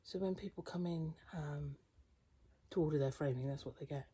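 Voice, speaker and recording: A woman with a deep, slightly rough voice speaks at a moderate pace in a hushed, casual vlog, touring her garden and then a cupboard indoors in the early morning. The quilting vlogger chats fondly, now and then addressing her cat, holding a phone camera as birds sing and traffic hums distantly.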